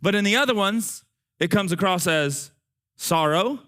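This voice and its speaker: A man preaching a sermon in a folksy, animated way, talking straight to his congregation. His voice is going hoarse and he is short of breath. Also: high voice, a little slow.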